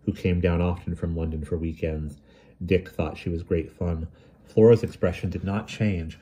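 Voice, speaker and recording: Male audiobook reader; low, dark, husky tone, measured delivery. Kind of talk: reading a novel aloud.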